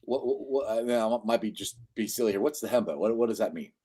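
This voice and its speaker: A man's voice: on the low side, expressive, fast talker, warm tone, breathy edge. A man from Cincinnati hosting a casual sports podcast live stream, enthusiastic and laughing at his own jokes. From Cincinnati, USA. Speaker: podcast host. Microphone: live-stream microphone.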